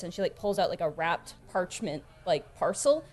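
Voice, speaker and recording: A woman's voice: lowish voice, very animated, normal speed, few pauses, a little mellow. A woman narrating a tabletop game as game master, in a casual, giggly manner with lots of fillers.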